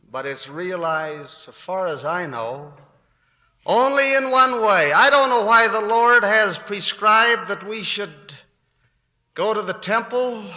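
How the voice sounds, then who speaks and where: A man's voice: high-pitched, pushed and bright. An older man giving a sermon as a church speaker. He speaks earnestly and adds wry humorous asides. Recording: echoey hall.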